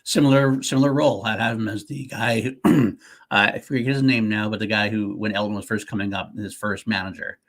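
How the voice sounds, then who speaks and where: A man's voice: on the low side, brisk. Guy cohosting a podcast, laughs a lot, easygoing chat. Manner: laughs often, excitable. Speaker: podcast co-host. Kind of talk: casual chat.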